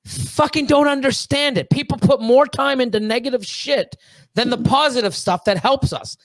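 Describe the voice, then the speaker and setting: A man from Canada in his thirties, a podcast guest in casual chat, excitable and rambling, swearing often with lots of fillers and restarts. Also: very high-pitched, moderate pace, no echo.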